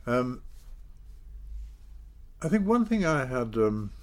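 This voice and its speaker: An older man, telling his story in a measured, self-deprecating way in an interview. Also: medium pitch, big pitch swings. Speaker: interview guest, former politician. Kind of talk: reflective storytelling.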